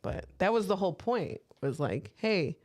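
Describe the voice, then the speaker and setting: A woman's voice: lowish voice, sing-song, moderate pace, darkish tone. A woman co-hosting a podcast, telling candid stories in casual chat with plenty of swearing. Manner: candid, swearing storyteller who quotes herself. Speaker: podcast co-host.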